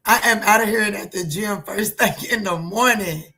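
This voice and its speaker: A woman's voice: mid-range voice, normal speed, pushed and bright. A middle-aged woman who reads tarot, chatting casually and playfully on a livestream. She laughs often and answers comments from her viewers. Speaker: tarot reader.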